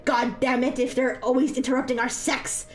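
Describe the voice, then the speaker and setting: A woman voicing a hot-tempered young German man with a German accent, shouting and swearing in a comedic fanfiction reading. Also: sits high, little pitch movement, moderate pace, faint music behind, lightly acted. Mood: angry.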